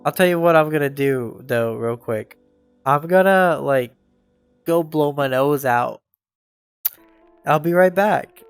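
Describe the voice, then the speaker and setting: A young man hosting a casual live stream, talking in loose, slangy, animated bursts. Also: a little high, slow pace, pauses often, clean tone, faint music behind.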